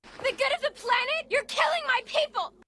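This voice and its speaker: An actress playing a desperate young princess in an anime film, begging in a frantic, tearful voice. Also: female voice, very high voice, moderate pace, no room sound, studio quality. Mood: outraged. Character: young princess pleading desperately to stop a slaughter. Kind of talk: anime film dialogue, sub and dub. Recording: film audio with loud noise.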